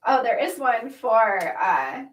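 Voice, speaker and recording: High-voiced woman chatting in an echoey room. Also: sing-song, slow. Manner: warm, chatty, emotional at times, laughing often. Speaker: livestream host reading chat comments. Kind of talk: casual livestream chat. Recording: roomy echo, mic at a distance.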